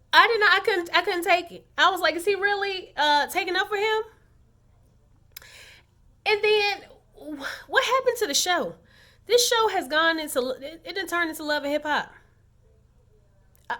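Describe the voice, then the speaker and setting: Sassy woman vlogger dishing on a reality show, high bright voice. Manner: sassy, animated commentary. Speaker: recap vlogger. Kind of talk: casual reality-show recap.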